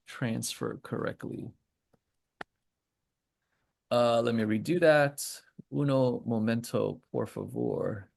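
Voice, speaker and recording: A man with a medium-pitched voice and vocal fry hosts a casual trading call. He rambles through charts on a screen share, dropping joking asides and plenty of fillers.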